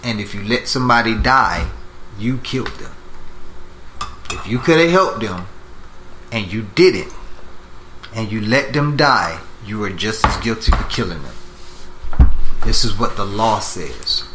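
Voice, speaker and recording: A man teaching a Bible class, asking students questions, repeating their answers and slowing down to stress each point. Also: fairly low pitch, expressive. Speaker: teacher leading a Bible study. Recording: echoey room with faint noise.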